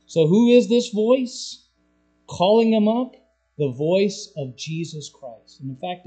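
A man preaching a sermon, moving between soft, low explanation and loud, raised-pitch pleading. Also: poor audio. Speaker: pastor. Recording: mains hum behind voice.

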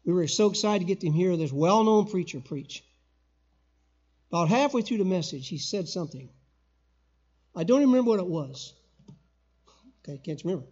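An older man preaching a sermon as a guest pastor in a church, emphatic, with loud call-and-response bursts. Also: sits high, lively intonation, normal speed, long pauses, slightly rough, dull audio. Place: church sanctuary.

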